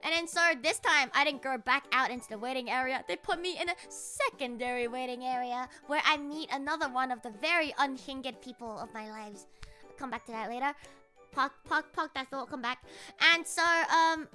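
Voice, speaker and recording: A young-sounding woman streamer with a high, sharp voice, rambling through a story with lots of swearing. She talks casually and animatedly to her chat. Soft music plays underneath. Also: moderate pace.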